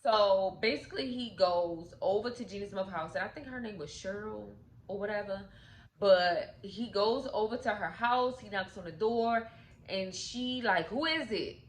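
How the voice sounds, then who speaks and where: A woman's voice: medium pitch, normal speed. A woman casually recapping a movie plot in slangy, chatty speech, acting out the characters' lines as she goes. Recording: roomy echo with faint noise.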